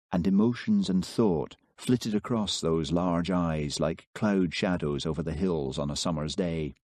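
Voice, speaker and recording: A man narrating a novel as an audiobook in measured storytelling. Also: sits low, darkish tone, dry recording, clean studio sound. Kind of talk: scripted narration.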